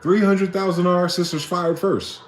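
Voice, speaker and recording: A man's voice: high-pitched, steady tone, moderate pace, slight background noise. A man delivering an impassioned, profane solo rant, firing off rhetorical questions. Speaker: vlogger. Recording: echoey room.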